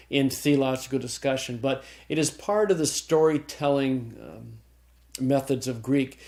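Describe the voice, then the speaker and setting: A man with a medium-pitched, slightly mellow voice teaches a Greek grammar class in a recorded lecture. He explains things step by step, often restarts his sentences, and checks in with students by asking "okay?"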